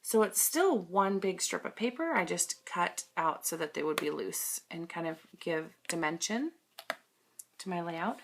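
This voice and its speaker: A woman's voice: lowish voice, a little hiss or hum. A young woman casually showing her scrapbook pages at home, chatty and self-deprecating, with lots of fillers. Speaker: scrapbooking vlogger. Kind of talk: casual show-and-tell. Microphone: camera mic.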